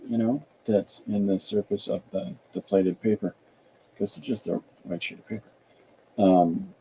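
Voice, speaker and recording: A man hosting an art podcast, thinking aloud in a relaxed, rambling way while he draws and reads viewer comments. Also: low voice, vocal fry, a little hiss or hum, low-quality recording. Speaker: artist and podcast host. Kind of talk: casual livestream chat while drawing.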